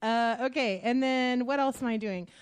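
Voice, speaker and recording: A bubbly young woman chats as a studio guest on a talk show. Her voice sits a little high, and her speech wanders with friendly fillers. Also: moderate pace, smooth, no echo. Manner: chatty, bubbly, lots of fillers. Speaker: studio guest, body paint artist. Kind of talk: casual radio chat.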